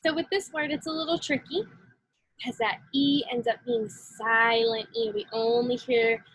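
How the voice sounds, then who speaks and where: A woman teaching a phonics lesson to young children, slow and encouraging. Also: fairly high pitch, fairly bright tone, breathy edge, no echo, poor audio.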